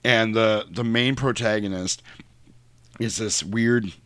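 Crude, animated man chatting about movies. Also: takes it slowly, dry recording. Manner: crude, animated retelling with shrill mock voices. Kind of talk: casual movie chat.

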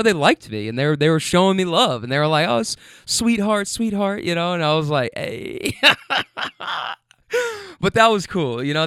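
A man who drives for a rideshare app tells viewers about his riders in a casual, animated way, repeating himself and swearing freely. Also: mid-range voice, clean tone, no room sound, clean studio sound.

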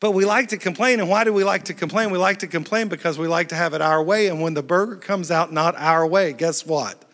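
A man preaching a lively, playful sermon to a church crowd on a handheld mic. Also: high-pitched, a little fast, hardly any pauses. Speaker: pastor. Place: large church hall. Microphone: handheld microphone. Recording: echoey church hall.

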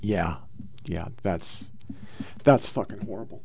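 A man's voice: low voice, slow pace, darkish tone, husky. A man hosting a political podcast, ranting with heavy profanity and reading posts aloud. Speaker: podcast host.

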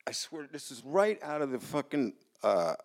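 A man's voice: mid-range voice, big pitch swings, normal speed. A man telling a personal story live on stage in a casual, rambling way, swearing and restarting his sentences. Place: small hall in front of a live audience.

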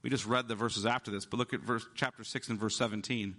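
A male pastor preaching an emphatic sermon, slowing down to stress key words. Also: lowish voice, fairly even intonation, sharp tone.

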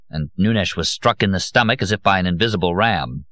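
Man, audiobook narrator, deep voice, theatrical and lively, dry close sound. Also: brisk, no echo. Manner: expressive, theatrical reading. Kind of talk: audiobook reading.

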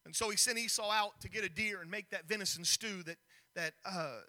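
Man preaching, very high voice, very bright sharp tone, storytelling sermon. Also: brisk. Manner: storytelling, animated, with repeated restarts.

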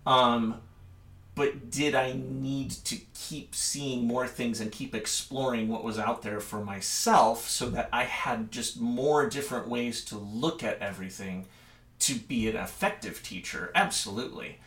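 Animated man talking in an echoey room. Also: mid-range voice, measured pace. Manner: animated, many restarts and fillers, acts out quoted voices. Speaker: cello teacher. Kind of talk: casual chat between colleagues.

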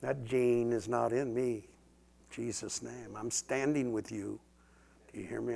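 Man, preacher, gravelly voice, whispered prayers, loud declarations. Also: medium pitch, fairly even intonation, measured pace. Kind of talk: live sermon with prayer.

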